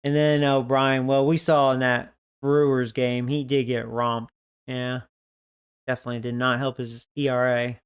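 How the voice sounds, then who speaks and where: A man's voice: medium pitch, level tone, moderate pace, smooth, no room sound, clean studio sound. A man giving casual, profanity-laced commentary on a baseball video game, grumbling about his team. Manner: profane, grumbling, frustrated asides. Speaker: gaming video creator.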